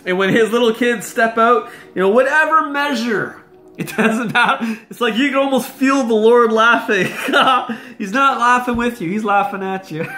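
A man delivers a sermon mixed with personal testimony, his voice pitched high and bright. He tells his story with animation and breaks into laughter often. Faint music plays behind him. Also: moderate pace. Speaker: preacher.

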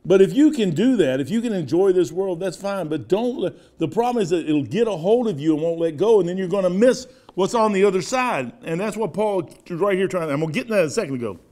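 Folksy older American preacher. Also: male voice, high voice, animated, fast, hardly any pauses, mellow. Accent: American Midwest. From United States. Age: 60s. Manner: folksy, rambling storytelling with asides. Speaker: pastor. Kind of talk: sermon.

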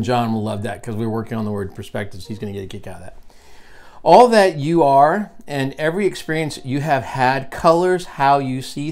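A man hosting a virtual leadership seminar, reading from a book and adding his own comments. He stresses and repeats key lines and puts questions to the listener. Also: medium pitch. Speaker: seminar host and teacher.

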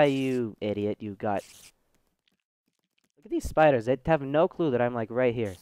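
A man's voice: medium pitch, unhurried, a little mellow, clean tone, no room sound, studio quality. A man with a Southern US accent giving chatty, goofy let's play commentary, talking straight to his viewers. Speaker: gaming channel host.

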